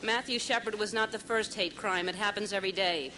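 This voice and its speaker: A tearful woman giving an emotional speech at an outdoor vigil, halting and stammering through false starts at a podium microphone. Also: mid-range voice, fairly even intonation, pushed and bright, slight background noise, poor audio. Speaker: speaker at a public vigil. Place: outdoors on building steps at a vigil.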